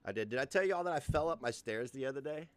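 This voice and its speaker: A man's voice: mid-range voice, expressive, quick pace, no echo. A man in his forties hosting a casual livestream rant, profane and mocking, often laughing. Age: 40s. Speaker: host.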